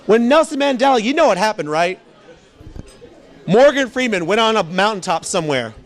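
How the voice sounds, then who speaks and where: High-voiced animated stand-up comic, male. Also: moderate pace, gravelly. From immigrant background. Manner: animated, rambling, crowd work. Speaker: stand-up comedian. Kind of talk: stand-up comedy set.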